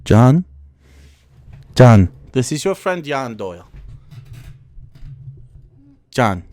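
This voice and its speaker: Guy doing a super high meek european pundit parody, little halting baby sentences. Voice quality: high, soft, halting childlike phrasing. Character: meek, simple-minded European parody of a male political commentator.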